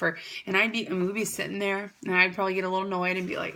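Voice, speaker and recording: A young woman pitching her greeting card business to the camera in a chatty, upbeat way, rambling with fillers and restarts. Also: flat delivery, rapid-fire, few pauses, background noise. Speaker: card company founder. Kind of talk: casual product pitch to camera.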